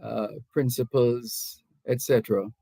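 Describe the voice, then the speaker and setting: In a radio studio, a middle-aged Jamaican man runs a call-in talk show, reading listeners' messages aloud through a studio microphone. His mid-range voice is steady, creaky, and dark, and his speech is measured and deliberate, full of restarts and hedging asides. The recording is dry and low in quality.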